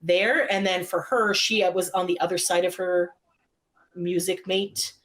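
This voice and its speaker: A woman's voice: fairly low pitch, fairly even intonation, a little slow, fairly bright tone. A woman co-hosting a podcast, chatting casually and telling stories, acting out both sides of conversations with plenty of "like". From Toronto, Canada. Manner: chatty storyteller who acts out quoted exchanges with lots of "like". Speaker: podcast co-host. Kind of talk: casual chat recapping an event.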